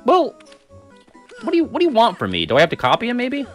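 A man's voice: very high-pitched, wildly swooping pitch, fast, soft background music. Joking, foul-mouthed gaming streamer guy. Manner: joking, profane, talks to chat. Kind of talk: casual gaming stream chat.

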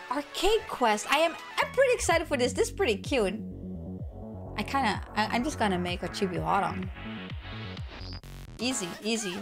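Woman, hoarse, excitable, high lively voice, unhurried, reacting to a trailer. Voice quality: excitable and exclamatory, with repeated outbursts. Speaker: gaming reaction vlogger.

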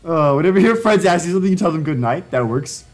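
A young man on a live stream, joking as he reads prompts aloud. His voice sits high and swings widely in pitch. Faint music plays quietly behind him. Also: animated, quick pace. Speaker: livestreamer. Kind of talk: casual live-stream commentary.

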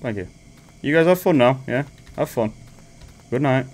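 A man giving comedic, excitable horror game commentary, joking and swearing as he plays. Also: mid-range voice, normal speed. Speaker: gaming commentator.

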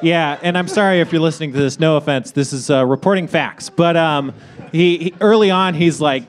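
High-voiced blunt joking man. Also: a little fast. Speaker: podcast regular. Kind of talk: casual comedic chat.

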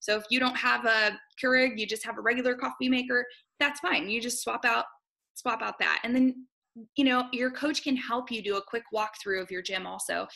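Woman gym owner talking fast on a webinar, excited, kinda high bright voice. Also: creaky. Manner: excited, fast-talking, uses many ums. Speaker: gym owner and program coach. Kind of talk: casual webinar walkthrough.

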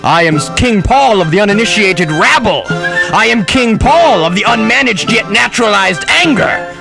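A man's voice: high voice, expressive, moderate pace, gravelly, over music, pitched above the performer's own voice. A man on a radio show playing a pompous, self-crowned medieval king who makes theatrical, mock-archaic proclamations and half-sings them. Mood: grandiose. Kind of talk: comic radio bit.

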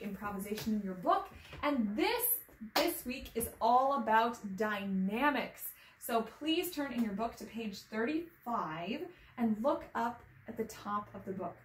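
Woman, piano teacher, slightly high voice, patient instructive, echoey room. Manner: patient, instructive, sings solfege and rhythm chants. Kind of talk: online music lesson. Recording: echoey room with faint ambient noise.

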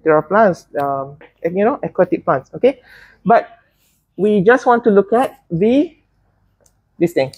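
A woman's voice: mid-range voice, expressive, measured pace, pauses often, husky, no room sound, muffled recording. A woman teaching a botany class, chatty and teasing, often restarting her words. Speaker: botany lecturer. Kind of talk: classroom lecture.

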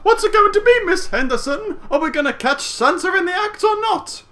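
A man voicing an eager, excitable young boy in a squeaky falsetto. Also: moderate pace, exaggerated voice. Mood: teasing.

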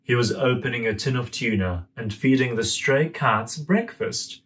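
A young man in a gentle, friendly manner, reading a children's story aloud at home. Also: mid-range voice, expressive, a little slow, slight background noise. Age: young adult. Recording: voice a bit far from mic.

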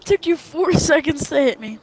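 A woman's voice: sits high, lively intonation, moderate pace, very noisy. A woman trash-talking and teasing during a casual shooter match. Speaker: gamer. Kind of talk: casual gameplay banter. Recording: loud gunfire from the game.

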